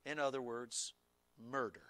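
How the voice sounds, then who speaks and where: A man preaching a sermon, explaining scripture in an emphatic, deliberate way with occasional restarts. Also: mid-range voice, expressive, a bit bright, no echo. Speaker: pastor.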